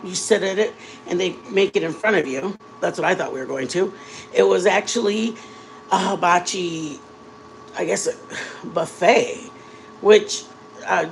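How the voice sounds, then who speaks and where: A woman's voice: on the low side, slight background noise, rough recording. A woman in her forties, a vlogger, chatting casually with her viewers while baking at home and telling long stories. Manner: chatty storyteller addressing viewers directly.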